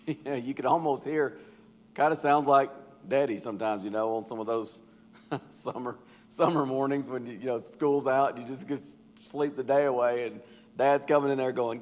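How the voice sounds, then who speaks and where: A man's voice: medium pitch, normal speed. A man leading a casual Bible study, folksy and conversational, acting out quotes in a church room. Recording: reverberant church hall.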